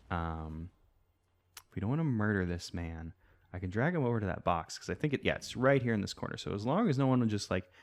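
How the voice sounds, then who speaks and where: A man's voice: fairly low pitch, very animated, fairly quick, darkish tone. A man hosting a let's play, giving casual gameplay commentary and thinking aloud in a rambling way full of fillers.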